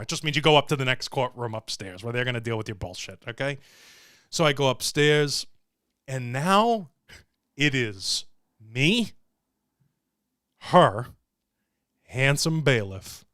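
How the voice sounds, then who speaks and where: A smooth, clear-voiced man tells a long story to his livestream viewers. He jokes, swears freely and acts out the other people's lines, and the sound is dry and close. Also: medium pitch, no echo. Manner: animated, profane, joking. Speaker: show host.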